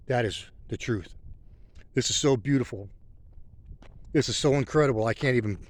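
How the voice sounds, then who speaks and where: A middle-aged man from a rural country background vlogs casually while riding his motorcycle on a country road, talking in a rambling, heartfelt way. His mid-range voice has a darkish tone, and there's no echo.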